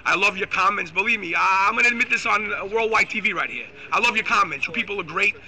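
A man hosting a live stream, ranting loudly and excitably with crude insults. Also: high-pitched, quick pace, low-quality recording. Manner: loud, excitable, profane, insulting. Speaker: host. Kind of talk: live-streamed political rant.

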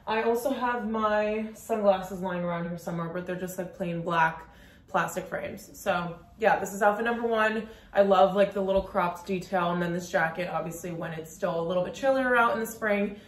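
A woman fashion vlogger talks straight to camera in a relaxed, chatty way, sprinkling "like" through her sentences. Her voice sits in an ordinary middle pitch. The room is noticeably echoey around her. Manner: chatty, quick, lots of "like" fillers. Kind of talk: casual outfit walkthrough to camera. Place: room at home during a work lunch break. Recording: roomy echo.

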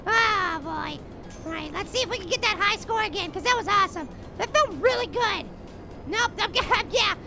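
A woman voicing a tiny, childlike cartoon apple who gives giddy gameplay commentary, laughing a lot and shouting silly catchphrases at the game. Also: very high voice, expressive, moderate pace, vocal fry, exaggerated voice. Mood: excited. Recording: game music playing behind the voice. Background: game music and sound effects.

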